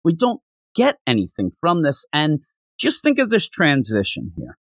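A man hosting a casual anime review chat, acting out characters' lines in quick, animated bursts. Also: on the high side, dry recording, clean studio sound. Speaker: anime review podcast host.

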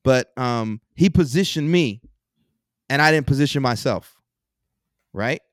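A man's voice: medium pitch, measured pace, dry recording. Man from texas on a podcast, breaking down business stuff, lots of right? and examples, dry close mic. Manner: energetic, explains with examples and rhetorical questions. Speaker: podcast guest, entrepreneur. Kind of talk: casual podcast interview.

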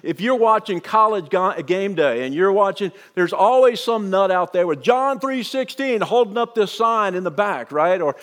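A man's voice: sits high, animated, normal speed, few pauses, fairly bright tone. A male pastor preaching a sermon, reading scripture aloud and breaking in with emphatic asides.

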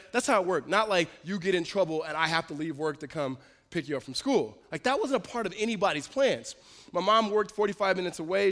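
A male pastor telling a personal story in a sermon, in a lively storytelling manner with quick restarts. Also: on the high side. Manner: storytelling, animated, self-interrupting with laughs. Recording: long hall reverb.

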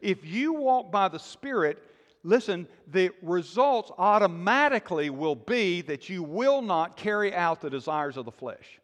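A male pastor preaching a sermon, emphatic and questioning the congregation, dropping to quiet intensity. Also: high voice, big pitch swings, a little slow, in a large hall.

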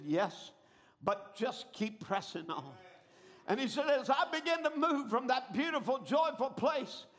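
A man preaching with a strikingly high voice. He tells his story dramatically, building up and bursting into shouts at the peaks. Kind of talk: sermon.

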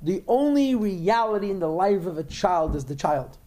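Guy teaching a religious text, mellow warm voice, rambly explaining. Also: sits high, animated, moderate pace. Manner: explanatory, digressive, repeats words. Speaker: Torah teacher.

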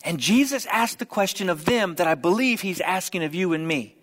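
A man preaching a sermon, telling a story with humorous asides and quick jokes. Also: sits high, animated, a bit bright, long reverb tail. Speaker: pastor.

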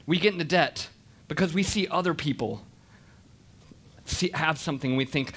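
Man in his 30s, high voice, bright tone, animated storytelling talk. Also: moderate pace, breathy edge. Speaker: speaker.

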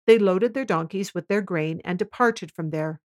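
Woman, scripture reading, solemn, measured, slightly low pitch. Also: a little mellow. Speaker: scripture reader. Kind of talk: scripted narration.

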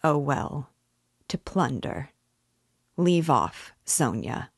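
Woman voicing a worn out brooding guy, mutters bitter, low and slow. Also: fairly even intonation, darkish tone, no echo, studio quality. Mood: weary bitter. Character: weary, brooding young man.

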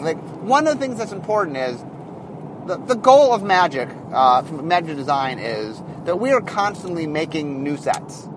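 A man with a high voice talks through design decisions in a loose, rambling way. His pitch swoops up and down as he thinks aloud. Faint traffic hum sits behind him in a car. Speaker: game designer. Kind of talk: casual explanatory monologue.

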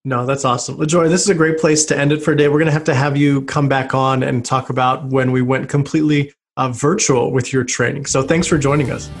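A man's voice: mid-range voice, steady tone, quick pace, few pauses. A man hosting the interview as the swim coach, asking questions in an encouraging way. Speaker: podcast host, swim coach. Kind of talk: casual interview.

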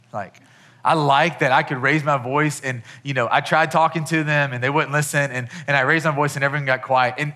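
A man's voice: fairly high pitch, pushed and bright. A man in his thirties, a pastor, giving a conversational sermon with many restarts.

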